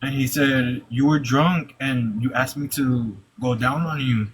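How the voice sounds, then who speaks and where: A young man telling a personal story live, halting, with many "like"s and repeated restarts. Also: medium pitch, fairly even intonation, a little hiss or hum, low-quality recording.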